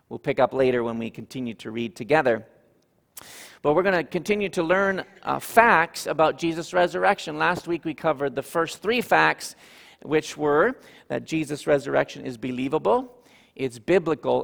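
Male pastor, sermon delivery, earnest and emphatic, fry in the voice, reverberant church hall. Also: on the high side, normal speed, fairly bright tone. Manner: earnest teaching, repeats points for emphasis.

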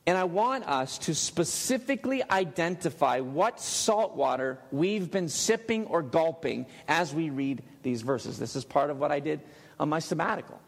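A male pastor preaching a sermon in a church, emphatic and dropping to a hush on key words. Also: a little high, lively intonation, normal speed, gravelly, slightly rough. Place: church sanctuary. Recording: long hall reverb.

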